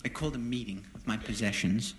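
A man doing a stand-up monologue in front of an audience, telling deadpan, self-deprecating stories. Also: fairly low pitch, fast talker. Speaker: stand-up comedian. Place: live venue with an audience. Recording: roomy live recording with noise. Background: audience laughter.

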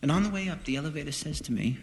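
A man doing a stand-up monologue in front of an audience, telling deadpan, self-deprecating stories. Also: on the high side, racing. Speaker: stand-up comedian. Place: live venue with an audience. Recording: roomy live recording with noise. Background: audience laughter.

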